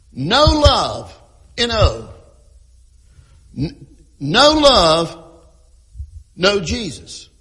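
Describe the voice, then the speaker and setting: A man preaching a sermon in a church, emphatic, repeating key phrases and often clearing his throat. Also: high voice, bright, forceful tone. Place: church with a sound crew. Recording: long hall reverb.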